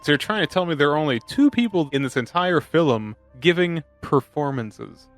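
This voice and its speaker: A man co-hosting a casual movie podcast, talking animatedly, laughing often and breaking into loud impressions of characters. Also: on the high side, lively intonation, moderate pace, soft background music. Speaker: podcast co-host.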